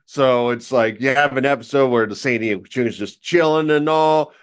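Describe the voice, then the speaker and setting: A man's voice: mid-range voice, moderate pace, smooth. A man co-hosting a podcast, telling a rambling, filler-heavy comic story in casual banter. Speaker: podcast co-host.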